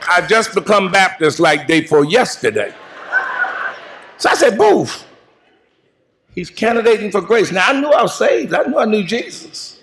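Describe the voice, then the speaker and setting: A man preaching a funeral eulogy in a call-and-response style, moving into shouts and half-sung lines. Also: high voice, sing-song, moderate pace, background noise. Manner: preaching cadence, rising to shouts and sung phrases. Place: large church sanctuary.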